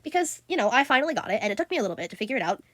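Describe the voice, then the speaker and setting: A woman's voice: a little high, big pitch swings, racing, a bit bright, dry recording, studio quality. A teenage girl chatting casually about her drawings, giggly and full of fillers. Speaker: art vlogger. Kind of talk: casual chat.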